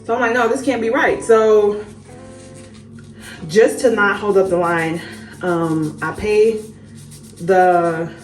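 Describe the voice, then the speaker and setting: A young woman vlogging a story while doing her makeup, animated and swearing freely, calling her viewers y'all. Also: on the low side, far from the mic. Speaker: beauty vlogger. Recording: roomy echo, voice a bit off-mic, faint music behind.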